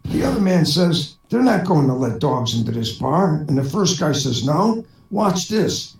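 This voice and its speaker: A man's voice: fairly high pitch, big pitch swings, normal speed, gravelly, darkish tone. Man laughing at his own bar jokes. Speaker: stand-up comedian. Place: online voice chat room. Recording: echoey room from far off.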